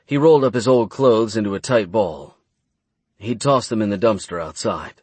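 A man reads an audiobook in an even, steady manner. His voice sits low with a husky grain. The recording is close and dry. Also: moderate pace, no echo. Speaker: narrator. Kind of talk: scripted audiobook narration.

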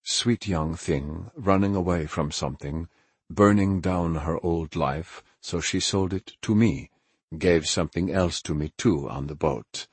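A man's voice: low-pitched, a little slow, husky, dry recording, heavily acted. A man voicing a crude, menacing male smuggler who talks in a sneering, boastful, vulgar way, read as an audiobook character. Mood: leering.

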